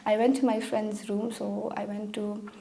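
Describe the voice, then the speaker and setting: A young woman from Meghalaya, India, a pageant contestant telling personal stories in an interview, emotional and animated, acting out what people said. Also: mid-range voice, normal speed, vocal fry, a little hiss or hum. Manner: emotional, animated storytelling with acted-out quotes. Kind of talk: conversational interview, personal storytelling.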